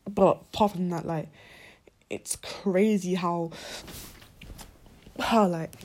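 A woman's voice: fairly low pitch, darkish tone, no room sound. A young woman, a college student talking casually about her own life, rambling with many fillers and restarts, dropping to whispers at times. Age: young adult. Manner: slang-heavy, drops to whispers at times. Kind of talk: casual personal vlog.

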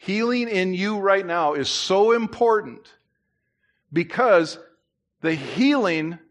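A man preaching a sermon in church, conversational with asides and restarts, who climbs louder and higher to drive his points home. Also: expressive, slow pace. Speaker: pastor.

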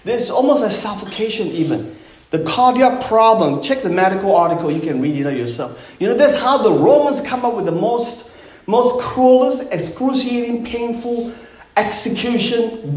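Man, middle-aged, pastor, emphatic sermon, slightly high voice, roomy echo. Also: animated, normal speed, darkish tone. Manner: emphatic, rhetorical questions to the congregation. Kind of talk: Easter sermon. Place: church sanctuary. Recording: roomy echoing sanctuary.

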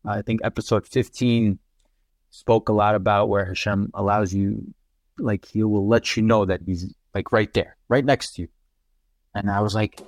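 Recorded dry with studio quality, a man with a lowish voice and a New York accent, from Russia, shares a heartfelt personal story as a podcast guest. The conversation is casual, and his earnest, emotional account is packed with fillers and restarts.

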